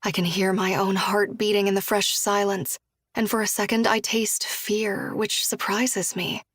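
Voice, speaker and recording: Woman, audiobook narrator, first-person, soft, even, flat pitch, hushed dialogue, dry close sound. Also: a little slow, dry recording.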